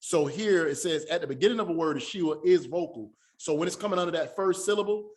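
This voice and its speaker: Man teaching hebrew, bit higher voice, goes over each sound again and again, easygoing, says y'all. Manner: patient, repeats words slowly to drill pronunciation. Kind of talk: classroom lesson.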